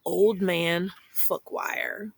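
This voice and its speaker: A woman reading a children's picture book aloud in a playful, expressive way, speaking straight to young listeners. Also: lowish voice, very slow, husky. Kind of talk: children's story read-aloud.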